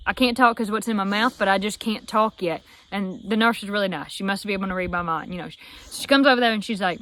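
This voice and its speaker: A woman's voice: mid-range voice, fast talker. A young woman with a Southern US accent telling a story casually, acting out the voices she quotes. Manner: animated, acts out quoted voices. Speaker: vlogger.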